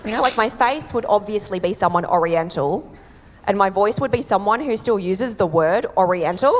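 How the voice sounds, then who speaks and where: Deadpan Australian woman comic, echoey club. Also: moderate pace. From born abroad, raised in Australia. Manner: deadpan delivery with jumps into high mock voices. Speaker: stand-up comedian. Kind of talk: stand-up comedy set. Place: comedy club stage. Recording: echoey venue with loud background noise.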